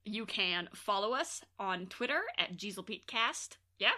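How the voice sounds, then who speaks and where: A woman's voice: medium pitch, lively intonation, a little slow, sharp tone. A young woman co-hosting a podcast in casual chat, joking and teasing her co-host. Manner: jokey, teasing, playful asides.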